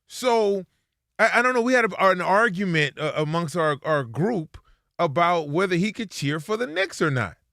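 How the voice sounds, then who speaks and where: Animated, bright-voiced male sports co-host. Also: high-pitched, moderate pace, vocal fry, no echo, studio quality. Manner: animated storytelling with playful quoted voices. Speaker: sports talk show co-host. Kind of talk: casual sports radio chat.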